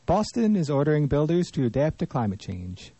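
Mellow man in a dry room. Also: a little high, sing-song, a little fast, breathy edge, no room sound, rough recording. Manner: laughs often, reads stories in plain delivery. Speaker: co-host. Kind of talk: casual news chat.

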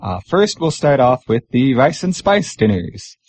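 A man hosting a community radio show in a studio, chatting casually and pausing often with fillers. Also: medium pitch. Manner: relaxed, chatty, pauses with many fillers.

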